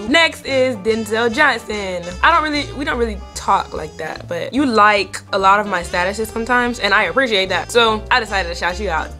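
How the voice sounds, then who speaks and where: A teenage girl giving casual, rambling shoutouts to friends in a vlog, teasing and giggly as she goes. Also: medium pitch. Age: teens. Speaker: vlogger.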